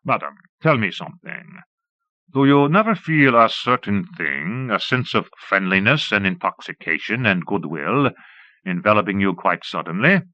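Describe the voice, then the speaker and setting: A man's voice: lowish voice, sing-song, normal speed, bright, forceful tone, dry recording. A man voicing a weary, discouraged professor in an audiobook, with a tired, mumbling manner, on a dull old cassette recording. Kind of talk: audiobook character voice.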